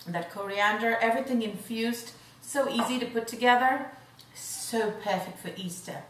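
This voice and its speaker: A woman's voice: on the high side, normal speed, a bit bright. A woman hosting a cooking show who demonstrates a dish and savors the food aloud in an effusive way. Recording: roomy sound, mic at a distance.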